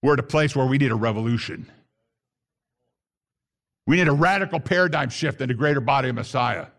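A man speaking at medium pitch and a little fast delivers an animated sermon as a messianic pastor. He uses Hebrew terms and at times rises to shouting.

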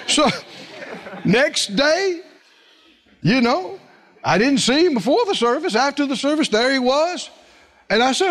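A man's voice: extremely high pitch, measured pace, long pauses. A middle-aged man preaching a sermon, telling stories and asking the congregation questions. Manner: animated storytelling preacher, asks the congregation questions. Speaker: pastor.

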